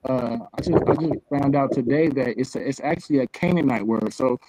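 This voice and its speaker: A man speaking as a guest on a casual live stream, earnest and halting, explaining as he goes. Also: mid-range voice, dark tone, no room sound, low-quality recording.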